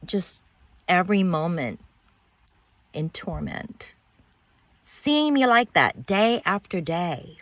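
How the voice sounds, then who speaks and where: Low-voiced woman telling a bitter story. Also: sing-song, slow, pauses often, fairly bright tone, no echo. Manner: bitter, emphatic, repeats words, swears. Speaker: narrator of her own life story. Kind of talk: personal storytelling monologue.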